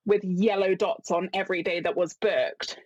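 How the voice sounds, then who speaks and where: A woman from London, a guest on a podcast, telling a story in a casual, animated way, often laughing and acting out dialogue. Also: on the low side, moderate pace, dry recording, highs cut off. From London, England. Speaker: podcast guest, business owner.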